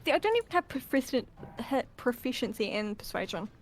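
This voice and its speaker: A woman's voice: high-pitched, sing-song, brisk. A woman playing in a tabletop game, chatting in a rambling, self-correcting way with frequent laughs. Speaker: player.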